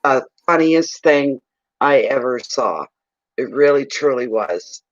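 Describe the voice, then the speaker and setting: A man from eastern Canada who reads for clients, telling a rambling, animated story in a casual livestream chat. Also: medium pitch, takes it slowly, no room sound, dull audio. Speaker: psychic reader telling a story.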